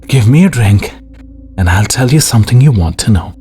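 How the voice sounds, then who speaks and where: A man's voice: medium pitch, animated, brisk, dark tone, slightly rough, faint music behind, voice pushed up. A man voicing a sick, crafty man who whines and snarls for a drink, in an audiobook reading. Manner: whining, snarling, pleading.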